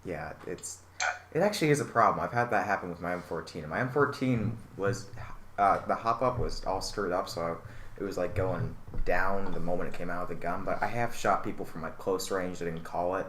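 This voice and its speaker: A man's voice: low voice, brisk, a bit bright, reverberant, a little hiss or hum. A young man on a casual podcast, rambling and swearing bluntly. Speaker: podcast co-host. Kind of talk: casual group chat.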